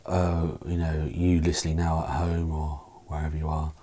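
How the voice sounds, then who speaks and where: A man's voice: a bass voice, monotone, normal speed, warm tone, slightly rough. A man talking as a guest in a casual podcast chat, thoughtful and meandering with many fillers.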